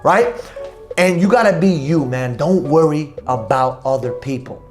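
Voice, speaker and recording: A man hosting a motivational podcast, talking in a loud, emphatic, preachy way about energy and confidence. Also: fairly high pitch, animated, unhurried, faint music behind. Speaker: podcast host.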